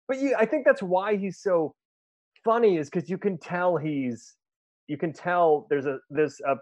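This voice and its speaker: Excitable man recapping with a laugh. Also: on the high side, dry recording, dull audio. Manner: excited, laughing, rambling with restarts. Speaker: podcast co-host. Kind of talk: casual chat, fast plot recap.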